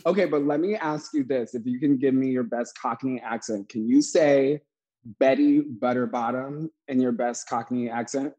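A man co-hosting a casual chat, bantering quickly, laughing often and tossing in playful asides. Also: medium pitch, dark tone, rough recording.

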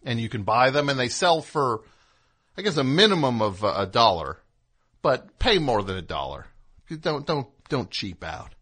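Big pitch swings mark this man's mid-range voice, which moves at a normal speed and sounds a bit bright. As a radio host, he chats and wanders off on comic tangents, promoting music between the jokes.

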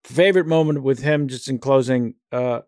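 A man's voice: medium pitch, moderate pace, a little mellow, no room sound, studio quality. A male actor and impressionist telling rambling, self-deprecating stories in a casual interview.

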